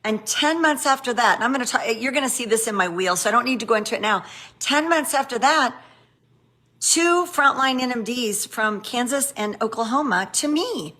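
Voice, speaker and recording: A middle-aged woman from the United States giving a motivational training talk, animated and sassy, full of exclamations. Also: a little high, normal speed. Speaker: network marketing trainer.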